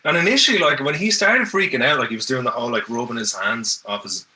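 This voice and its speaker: Heard from a distant mic, this Irish podcast guest chats casually and spins easygoing, meandering stories, frequently restarting. He speaks fast at a medium pitch, with a pushed, bright tone.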